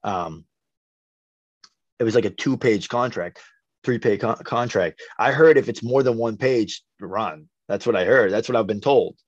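A man's voice: on the low side, a little slow, slightly rough, no echo. Young male boxer, blunt and profane storyteller; dry, slightly muffled podcast sound. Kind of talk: casual interview chat.

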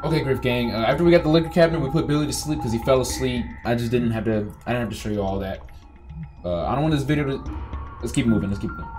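A man's voice: medium pitch, fast talker. A man doing chatty let's-play commentary, talking straight to his viewers and yelping when something startles him. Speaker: gaming YouTuber. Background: game music.

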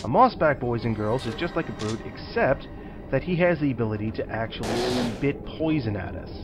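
A man's voice: medium pitch, sing-song, brisk, over loud music. A man casually commenting while playing a video game, talking to himself and to viewers with playful, teacher-like asides. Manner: chatty, talks to himself and viewers. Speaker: let's play host.

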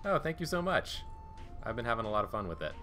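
A man co-hosting a casual game stream with an easygoing, joking delivery. He chats with his co-host and thanks viewers, keeping things loose and unhurried. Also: fairly low pitch, soft background music. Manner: joking and relaxed.

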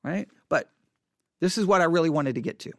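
A man's voice: fairly high pitch, lively intonation, quick pace, no echo, clean studio sound. A man preaching a sermon with passion, often repeating phrases and restarting mid-sentence.

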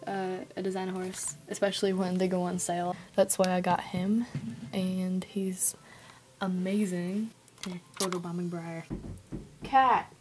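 A woman from Canada filming an unboxing vlog, gushing and breathless with excitement as she chats to the camera and her pet. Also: medium pitch. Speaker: vlogger. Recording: background music.

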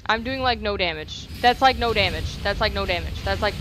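A woman's voice: medium pitch, moderate pace, few pauses, soft background music. A young woman doing let's play commentary. She swears freely, repeats phrases and talks back to the game. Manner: animated reactions, repeats phrases. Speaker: gaming YouTuber.

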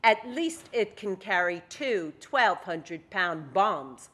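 A woman's voice: on the high side, animated, takes it slowly, fairly bright tone. A woman reading aloud as a proud, tough young Soviet woman bomber pilot with a thick Russian accent. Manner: proud, matter-of-fact.

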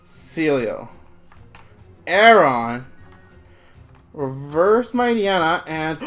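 YouTuber, casual pack opening, excitable, rambling, speaks to viewers, middle pitch, soft music behind. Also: normal speed. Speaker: YouTube host opening trading card packs. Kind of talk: casual card-opening commentary. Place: home room, seen on face cam. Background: faint background music.

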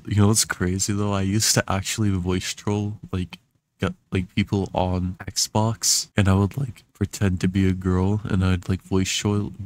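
Wry young man mocking himself. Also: low voice. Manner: wry, self-mocking, laughing. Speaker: vlogger. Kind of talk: reaction commentary.

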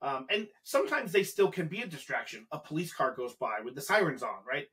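A man's voice: fairly high pitch, sing-song, brisk, a bit bright. A man co-hosting a casual podcast, chatting agreeably and offering practical examples. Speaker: podcast co-host.

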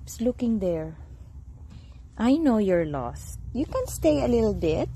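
A woman's voice: sing-song, unhurried, mellow, slight background noise. A Filipino woman and mother mixing English with Cebuano, cooing at a stray cat in a sing-song voice and meowing at it during a family camping vlog. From Philippines. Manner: coos at a cat in a high sing-song voice with many meows. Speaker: family vlogger.

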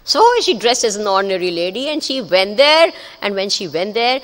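Animated woman giving a spiritual discourse. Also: mid-range voice, fairly quick, hardly any pauses. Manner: animated storytelling, checks the audience. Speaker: spiritual teacher. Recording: echoey hall.

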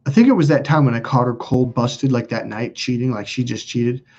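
Husky, blunt, swearing man. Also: mid-range voice, a little fast, darkish tone. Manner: blunt, profane, rambling storyteller. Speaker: host. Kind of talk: casual livestream chat reading viewer comments. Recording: dull lo-fi recording.

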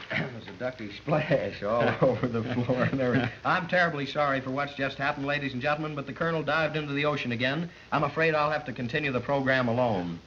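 A man's voice: mid-range voice, fast. A man acting as straight man and announcer in a 1930s radio comedy, mock-dramatic and chuckling. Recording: muffled old film soundtrack with hiss.

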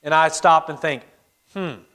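A man's voice: a little high, measured pace, fairly bright tone. A man preaching a sermon as pastor, asking the congregation questions and acting out their answers. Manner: asks the congregation questions, acts out their replies. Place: church auditorium. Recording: long church reverb.

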